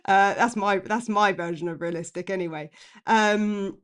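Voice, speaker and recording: A woman chats live to her viewers about her football club. She talks in a lively, impassioned way, reacting to comments as they come in. Her voice sits at an ordinary middle pitch for a woman. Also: moderate pace, clean tone. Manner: chatty and impassioned, reads chat aloud. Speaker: fan channel host. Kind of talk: live-stream fan chat.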